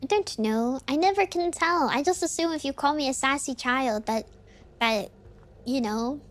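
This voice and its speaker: A woman streamer chatting casually with her chat while gaming, animated and giggly. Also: sits high, normal speed.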